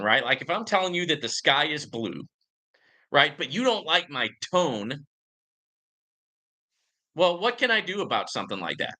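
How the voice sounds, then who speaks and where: A man's voice: fairly high pitch, sing-song, normal speed, pauses often, bright, forceful tone. A man hosting his own channel, talking to viewers in casual, joking commentary full of comical voice inflections. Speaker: YouTube channel host.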